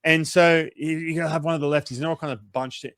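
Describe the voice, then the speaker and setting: Man, storytelling guest, lively and casual, dry close sound. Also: a little high, dry recording. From Australia. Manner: animated, acts out quotes, swears, fast run-on storytelling. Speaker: former baseball pitcher, guest.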